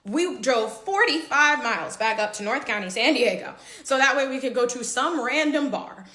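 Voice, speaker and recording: A woman's voice: high voice, normal speed, roomy sound. A young woman casually telling a dramatic story about a friend while she gets ready, and she acts out the dialogue. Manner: animated, dramatic retelling with quoted dialogue.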